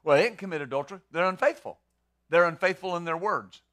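Middle-aged male pastor, bright and forceful, a bit high, talks his sermon like a chat and repeats words. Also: quick pace. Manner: conversational preaching with rhetorical questions.

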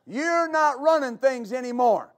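High voiced preacher man, fervent, keeps repeating himself and stammering, calls out to the church. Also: lively intonation, measured pace. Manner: call-and-response with congregation. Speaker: pastor. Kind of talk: preaching a sermon.

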